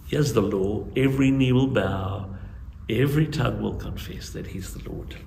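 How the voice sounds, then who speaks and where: An older man from South Africa preaching a sermon as guest preacher, earnest and pleading by turns, with lively storytelling. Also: mid-range voice, normal speed, vocal fry. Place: church sanctuary. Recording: echoey church with faint ambient noise.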